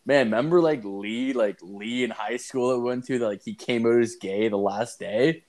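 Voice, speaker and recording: A man's voice: mid-range voice, normal speed. Profane rambling man telling stories. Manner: profane, rambling, animated storytelling with heavy filler. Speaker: storyteller. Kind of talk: casual chat.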